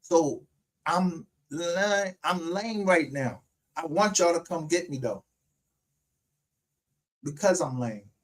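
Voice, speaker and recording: A man's voice: fairly high pitch, lively intonation, slow pace, long pauses. A man hosting his own livestream show, ranting in a heated, profane and confrontational way. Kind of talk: unscripted livestream rant.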